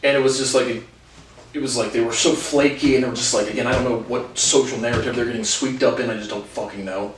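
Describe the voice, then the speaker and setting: A man's voice: medium pitch, steady tone, a little hiss or hum. A man angrily ranting through a personal story, swearing constantly and stumbling over restarts. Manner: profane, agitated, heavy swearing; halting restarts. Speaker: vlogger. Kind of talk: storytelling rant. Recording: roomy, distant mic.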